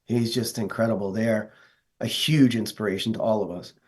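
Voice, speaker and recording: A man's voice: on the low side, fairly even intonation, moderate pace, a little mellow, breathy edge. A man from the northeastern United States, a guest telling stories in an earnest, enthusiastic way during a casual interview. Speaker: guest, metal vocalist.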